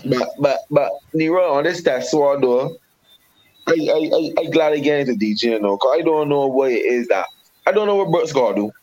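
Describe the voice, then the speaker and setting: A man's voice: medium pitch, expressive, normal speed, a little mellow. A man with a West Indian accent, a regular panelist arguing heatedly about cricket in a repetitive, emphatic way. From Caribbean. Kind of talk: heated sports debate. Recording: dull lo-fi sound.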